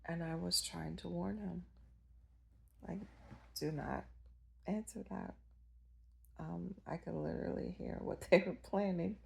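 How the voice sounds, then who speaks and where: A woman's voice: lowish voice, fairly even intonation, normal speed, slight background noise, low-quality recording. A woman telling a personal story in a rambling, hesitant way, stopping to search for words. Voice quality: gravelly, husky.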